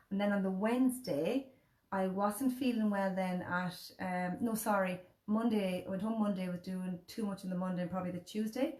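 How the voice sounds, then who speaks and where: An Irish woman in her thirties tells a personal story in a casual chat. She acts out other people's words as she goes. Her voice sits at a middle pitch and carries a roomy echo. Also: darkish tone. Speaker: host.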